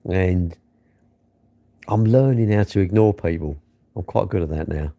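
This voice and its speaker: A man's voice: sits low, a little slow, warm tone. A middle-aged man chatting loosely and self-mockingly on a late-night livestream from his bedroom, talking into his phone. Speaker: livestream host.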